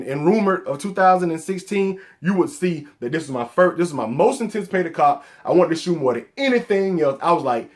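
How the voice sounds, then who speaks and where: A man from Atlanta with a Southern accent, casually counting down his favorite sneakers in a relaxed vlog and tagging "man" onto his lines with excited bursts. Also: fairly high pitch. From Atlanta, Georgia. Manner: laid-back, peppers sentences with "man", excited bursts. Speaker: sneaker vlogger.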